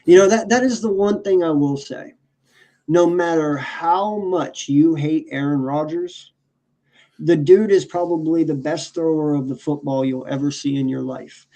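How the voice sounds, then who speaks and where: A man's voice: a little high, measured pace, mellow. A man talking sports casually as a podcast co-host, emphatic and profane, often restarting his sentences.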